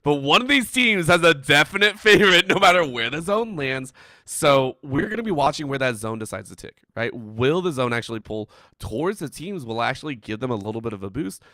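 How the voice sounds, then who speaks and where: Animated man casting esports, bright voice. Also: fairly high pitch, brisk, no echo. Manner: animated, pleading jokes, chuckles. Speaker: esports caster. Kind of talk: live esports commentary.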